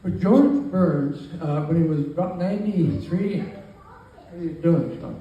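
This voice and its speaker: A man in his nineties with a high voice gives a rambling, joking, self-deprecating speech at his own birthday party at a moderate pace, teasing the guests. The audio is dull, captured by a far-off mic in an echoey room with faint ambient noise.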